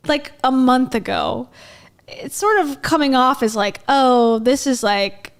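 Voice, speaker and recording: A woman's voice: a little high, moderate pace. A woman hosting casual reaction commentary with skeptical, chatty asides. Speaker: commentary host.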